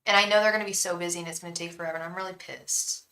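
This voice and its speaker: A woman's voice: on the low side, steady tone, rapid-fire, pushed and bright, reverberant, low-quality recording. A young woman from the Bay Area hosting a live tarot stream, chatting casually, venting about her day and chanting a repeated invocation to spirit guides. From San Francisco Bay Area.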